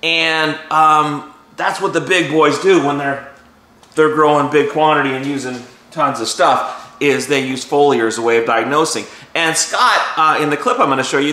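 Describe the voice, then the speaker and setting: A man's voice: medium pitch, bright, forceful tone, roomy sound. A man hosting his own gardening show, talking casually and folksily to his viewers. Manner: chatty, folksy, loose with restarts. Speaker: show host. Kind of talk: casual talk to camera.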